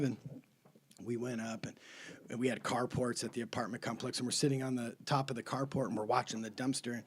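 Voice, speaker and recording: A man's voice: mid-range voice, fairly even intonation, a little fast, a little mellow. A middle-aged man, a comedian, telling a profane story in a rowdy, swearing, laughing way. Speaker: comedian guest.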